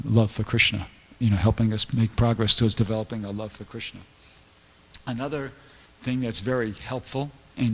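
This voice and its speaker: This temple lecturer rambles through stories during an informal scripture class, leaning on many fillers. The hall leaves a long reverb tail behind his mid-range voice, which sounds pushed and bright.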